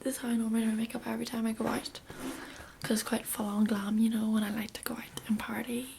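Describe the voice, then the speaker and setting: A woman's voice: on the high side, level tone, fast talker, creaky, noisy background. A young woman giving a casual makeup tutorial, chatty and rambling, often dropping into a half-whisper. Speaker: beauty vlogger.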